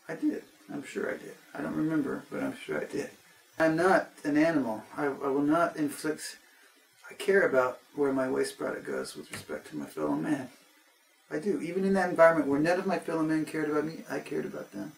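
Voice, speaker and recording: A man's voice: fairly high pitch, creaky, echoey room, distant mic, poor audio. An American man telling a rambling comic travel story, often breaking off and restarting with exasperation. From United States.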